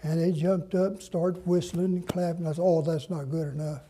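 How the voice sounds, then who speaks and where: An older man, a pastor telling stories in a sermon in a folksy, drawn-out way. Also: fairly high pitch, fairly even intonation, dark tone, slight background noise. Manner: folksy, drawn-out preaching with dramatic pauses. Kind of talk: sermon storytelling.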